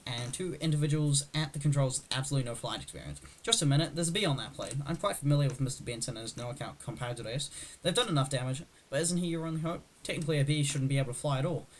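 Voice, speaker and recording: A young man speed-reading a film script aloud, rushing and barely acting the parts. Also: on the high side, poor audio. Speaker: script reader.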